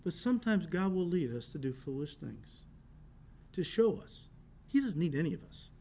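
High-voiced man preaching a sermon. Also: normal speed, gravelly. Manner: storytelling with animated shifts in volume, laughing. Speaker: pastor.

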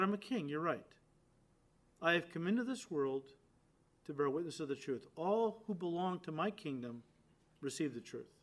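Emphatic preacher with a higher voice. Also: male voice. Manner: emphatic, swings from loud stresses to quiet low endings; addresses listeners directly, acts out quoted lines. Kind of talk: sermon.

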